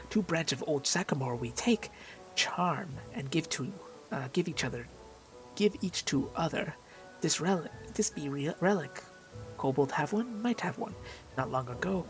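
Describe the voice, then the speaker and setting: A small, regal mite queen, voiced by a gamer tells her side in halting, broken phrases with a wistful tone. The voice stays near a normal pitch and is softer than normal speech. Light music plays behind this home playthrough.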